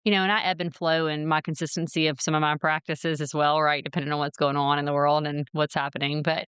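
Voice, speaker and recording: A woman's voice: sits low, flat delivery, fast, fairly bright tone, clear, resonant tone, dry recording. A woman hosting a podcast interview, chatty and candid, laughing easily as she shares her own habits. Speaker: podcast host. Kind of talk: conversational interview.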